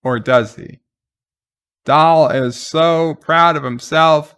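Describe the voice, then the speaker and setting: A man casually recapping a TV episode as a reviewer, halting with restarts and fillers and getting excited as he retells the action. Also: on the high side, clear, resonant tone.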